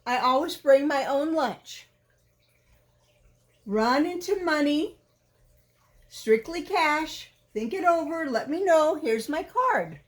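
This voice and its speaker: Brief: woman playing a strutting gopher tradesman, clipped and high-pitched, unhurried. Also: expressive. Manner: clipped, salesman-like. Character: brash, businesslike male gopher excavator. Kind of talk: children's storybook read-aloud.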